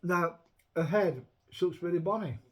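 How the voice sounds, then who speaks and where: A man talking in a casual, rambling rant. His voice sits high for a man. He is blunt and swears freely, often restarting his sentences. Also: normal speed. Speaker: show host. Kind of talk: casual chat.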